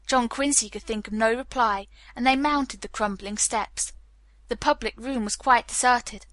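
A woman reading a novel aloud as an audiobook narrator, in a measured style. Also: on the high side, fairly bright tone, dry recording. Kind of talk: scripted narration.

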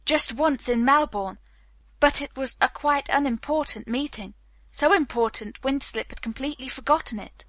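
A woman's voice: high-pitched, moderate pace, a bit bright, no echo. A woman reading a guarded, stubborn Englishman. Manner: clipped, guarded refusals. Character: calm, stubborn Englishman under questioning.

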